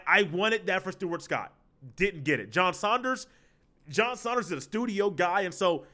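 A man's voice: on the high side, a bit bright. A man hosting a solo sports podcast with a head cold, talking in a loose conversational way and repeating his phrases. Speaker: podcast host.

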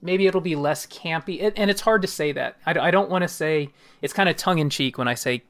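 Man, podcast host, higher voice, gravelly, bright, animated, stumbles and laughs. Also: brisk. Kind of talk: casual chat.

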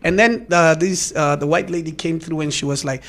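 Namibian man telling stories, slightly high. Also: fairly quick. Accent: Namibian English. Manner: animated storytelling. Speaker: comedian. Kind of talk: casual podcast chat.

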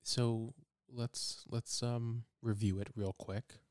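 A man co-hosting a casual podcast, telling stories in a loose, rambling way and restarting his sentences often. His voice sits in a middle pitch and sounds close to the mic in a dry room. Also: level tone, slow, a little mellow, no echo. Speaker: podcast co-host. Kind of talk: casual chat.

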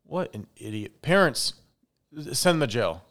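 A man's voice: medium pitch, a little slow. A young man hosting his own podcast, talking casually and with strong opinions in a chatty solo monologue. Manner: chatty, opinionated, animated asides. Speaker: podcast host.

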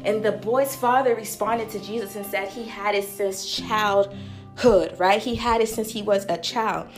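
A woman's voice: medium pitch, fairly even intonation, a little slow, over music. A woman preaching a sermon with emphasis, repeating phrases to drive her points home.

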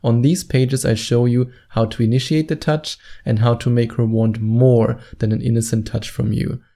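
Man, dating coach, confident instructive talk, drawn-out emphasis, dark mellow tone, gravelly. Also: medium pitch, fairly even intonation. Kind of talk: direct-to-camera advice monologue.

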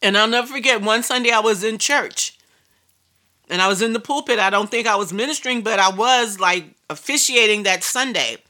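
A woman's voice: mid-range voice, brisk, bright, forceful tone. A woman preacher telling a personal story in a sermon, emphatic and repetitive. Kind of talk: sermon testimony.

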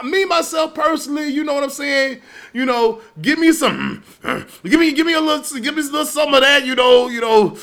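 A man telling stories in a casual comedic monologue, animated and profane, often breaking into laughs. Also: very high-pitched, vocal fry. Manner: animated, profane, loud storytelling with frequent laughs.

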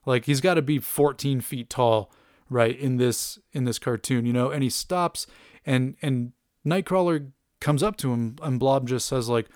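A man's voice: medium pitch, a little slow, a little mellow, no echo. Male host, casual chat, rambling and upbeat, dry close recording. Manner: enthusiastic, rambling, many fillers and laughs. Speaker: podcast host reviewing a cartoon.

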